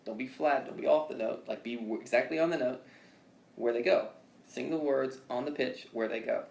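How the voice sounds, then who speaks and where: A man's voice: medium pitch, moderate pace, gravelly, darkish tone. A man teaching singing in a casual one-on-one lesson, with loose, profane, rambling explanations. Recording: echoey room.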